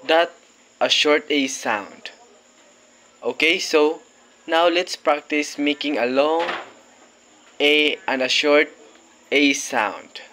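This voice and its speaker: A man teaching a phonics lesson to children, slowly and patiently repeating each word and encouraging the learners. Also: fairly high pitch, bright, forceful tone.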